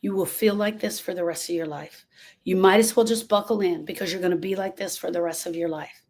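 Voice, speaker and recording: A woman's voice: on the low side, steady tone, a little fast, darkish tone. Earnest woman giving a grief talk. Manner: earnest, emphatic, acts out quoted voices. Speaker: grief speaker. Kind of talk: motivational talk to a live group. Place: room with a live audience.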